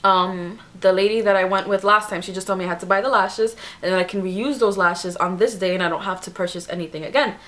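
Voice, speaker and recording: A young woman and beauty vlogger telling a personal story in a casual, animated way, full of "like" fillers. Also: mid-range voice, fast talker, few pauses. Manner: chatty, animated retelling with many "like" fillers.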